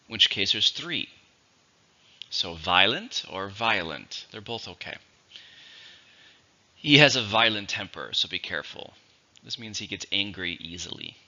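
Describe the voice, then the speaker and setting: A man teaching English vocabulary, explaining words slowly and repeating each one. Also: on the low side, bright, forceful tone, dull audio. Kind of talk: vocabulary lesson.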